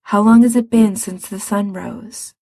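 A soft-spoken, otherworldly young man from a storybook, his lines barely more than a breathy whisper, as a woman reader puts him on. He speaks slowly and gently, full of quiet wonder. The voice sits close and dry, with no room around it. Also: medium pitch, steady tone, no room sound. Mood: awed whisper. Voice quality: whispery, hushed. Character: gentle otherworldly male forest spirit, wistful.

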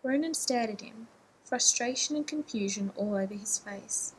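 A woman reading a romance novel aloud in a steady, measured narration. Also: a little high, slight background noise, low-quality recording. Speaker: audiobook narrator.

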